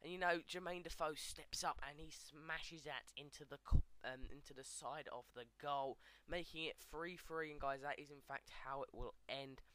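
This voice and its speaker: A man gives relaxed gameplay commentary, chatting to his viewers in a smooth, clear voice that sits a little high. The sound is dry and close, with no room around it. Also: normal speed, hardly any pauses, dry recording. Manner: chatty, addresses viewers as guys, frequent fillers. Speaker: gaming video host.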